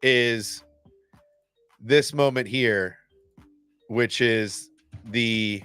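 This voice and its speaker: A man hosting a casual fan reaction video, excitable and blunt, swearing and restarting his sentences often. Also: medium pitch, drawn-out words, clean tone, soft background music.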